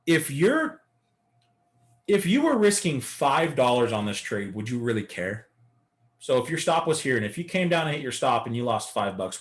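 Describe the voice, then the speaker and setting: A man's voice: medium pitch, sing-song, moderate pace. A man teaching a live beginner day-trading lesson, coaching and talking through chart examples. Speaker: trading instructor.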